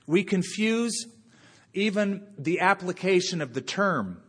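A man preaching a sermon as a pastor, conversational and unhurried, with long dramatic pauses. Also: high voice, animated, husky. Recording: long church reverb.

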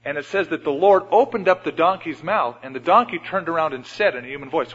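A man preaching a sermon in a church, retelling Bible stories and often changing his loudness. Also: a little high, fairly quick, slight background noise. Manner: storytelling, acts out Bible scenes with shifts in loudness. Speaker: pastor. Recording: dull radio broadcast with long hall reverb.

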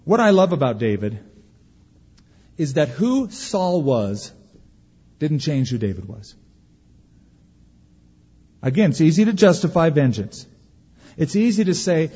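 A man preaching a sermon as pastor, folksy and humorous, with dramatic pauses. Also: fairly high pitch, very animated, warm tone, slightly rough, big-room sound, dull audio.

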